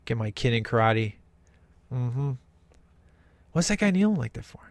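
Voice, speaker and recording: A man's voice: mid-range voice, big pitch swings, moderate pace, dry recording. A man talking through a film in casual commentary, enthusiastic and emphatic with lots of slang.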